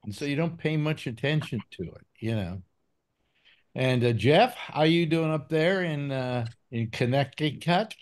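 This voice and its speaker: A man's voice: fairly high pitch, animated, unhurried. A man hosting a casual call-in panel chat, rambling with many fillers and restarts. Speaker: call-in show host.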